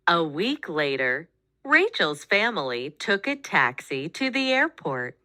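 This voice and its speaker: A woman reading a children's picture book aloud, with expressive, animated storytelling. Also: sits low, slow, no room sound, studio quality. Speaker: storybook reader.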